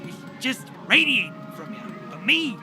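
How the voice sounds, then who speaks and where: A smug, high-voiced vain alien. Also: male voice, sing-song, moderate pace. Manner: smug, boastful. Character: vain blue alien man, cocky show-off. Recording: game audio with music behind.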